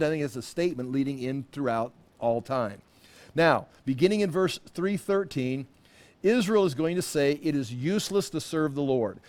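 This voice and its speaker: A man's voice: medium pitch, a little mellow. A man in his sixties teaching a Bible study class in a loose, conversational way, full of asides and self-corrections. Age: 60s.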